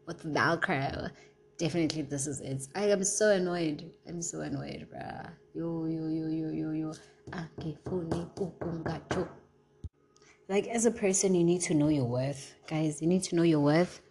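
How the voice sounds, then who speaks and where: A woman's voice: low voice, fairly even intonation, normal speed, a little mellow, rough recording. A young South African woman venting in a casual, heated, profane vlog rant, switching between English and isiZulu. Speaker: vlogger.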